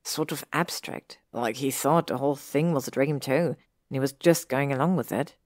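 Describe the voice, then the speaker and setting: A woman's voice: a bass voice, normal speed, a little mellow, dry recording, clean studio sound. A woman voicing a stubborn, frustrated young man in a read-aloud audiobook story, speaking insistently. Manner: insistent, raises his voice. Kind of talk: audiobook reading of fan fiction.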